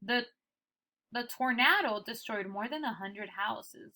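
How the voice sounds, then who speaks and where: A young woman teacher giving a recorded phonics lesson, slowly sounding out word parts for her students. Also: medium pitch, steady tone, bright, forceful tone.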